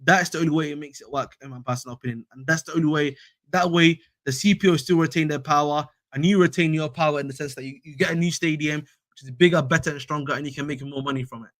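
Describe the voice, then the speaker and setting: A man's voice: fairly high pitch, fast talker, fairly bright tone, dry recording. A young man hosting a casual fan live stream, slangy and repetitive, calling viewers bro. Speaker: fan channel host.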